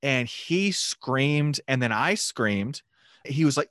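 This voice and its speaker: An animated man recounting a personal story at a quick clip, his voice mid-pitched and plain. The sound is dry and close, with no room around it. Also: clear, resonant tone, no room sound. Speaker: guest telling a mission story. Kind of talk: casual storytelling testimony.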